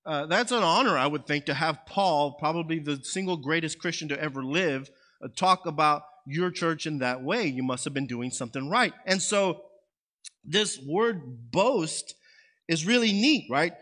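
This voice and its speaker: Pastor, male, slightly high voice, informal sermon, keeps asking the congregation "right?" and "okay?". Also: expressive, normal speed, pushed and bright. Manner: conversational, frequent "right?" and "okay?" check-ins.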